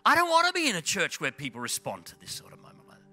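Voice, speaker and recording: A middle-aged male pastor preaching a sermon in a church, swinging between loud urging and hushed, intense passages. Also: sits high, huge pitch swings, fast, soft background music.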